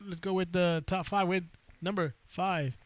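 A man co-hosting a casual podcast, talking in a loose, chatty way. His voice sits a little high, and the recording is close and dry. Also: fairly even intonation, measured pace, clear, resonant tone, no echo. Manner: chatty, loose, lots of "dude" and "like". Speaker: podcast co-host.

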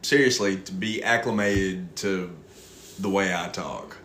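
A man's voice: deep voice, measured pace, fairly bright tone, a little hiss or hum. A man with a Southern US accent chatting casually on a podcast, drawling and sprinkling in "you know.". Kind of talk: casual chat. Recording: echoey room.

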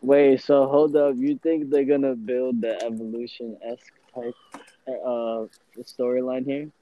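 A man's voice: mid-range voice, level tone, a little slow, highs cut off. A man talking emphatically in a casual podcast chat, often laughing.

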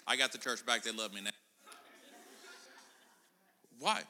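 A man's voice: medium pitch, a little slow, noisy background. A middle-aged man preaching a casual sermon in a church, chatting and joking with the congregation. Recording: church hall reverb.

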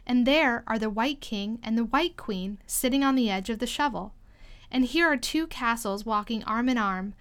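A woman's voice: on the high side, moderate pace, a bit bright, clear, resonant tone, close to an everyday voice. Woman doing a curious, polite little girl. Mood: hushed.

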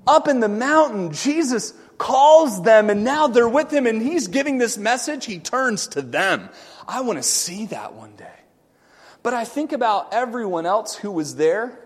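Animated preacher with a high, lively voice. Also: male voice, measured pace, long reverb tail. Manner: animated, swings from loud shouting to quiet asides; joking, conversational with congregation. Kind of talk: sermon.

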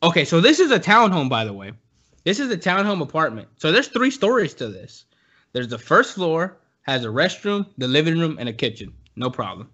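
Animated young man telling a story. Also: a little high, brisk, dull audio. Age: young adult. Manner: animated, profane, laughing, acts out voices. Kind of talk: casual storytelling chat.

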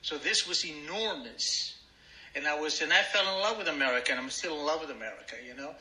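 Brief older Argentine-accented man, slightly high, very bright tone, wry self-mocking storyteller, echoey room. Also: a little fast. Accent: Argentine Spanish. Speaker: speaker at a recovery meeting. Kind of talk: personal story told to a meeting.

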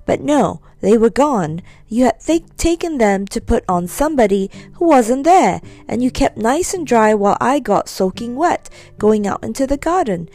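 A woman's voice: on the high side, very animated, moderate pace, dark tone, soft background music. A woman voicing an angry aunt who scolds her nephew in a nasty, sarcastic way. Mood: angry scolding. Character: cross scolding aunt, sharp-tongued woman.

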